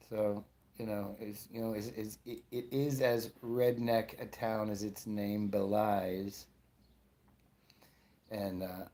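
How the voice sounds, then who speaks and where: A man in his forties from Florida does stand-up in a lowish, steady, mellow voice at normal speed. He rambles through his stories and keeps interrupting himself.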